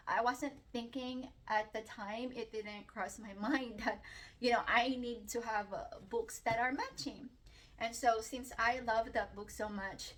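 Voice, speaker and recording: A woman chatting casually through a book unboxing vlog, excitable and chatty with lots of fillers and little gasps. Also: a little high, distant mic. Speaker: book vlogger.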